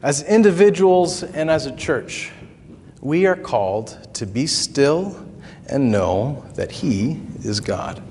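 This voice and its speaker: A man's voice: fairly high pitch, expressive, takes it slowly, a little mellow, a little hiss or hum. A man preaching a sermon as pastor, conversational, with asides and small chuckles. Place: church sanctuary. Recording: long reverb of a hall.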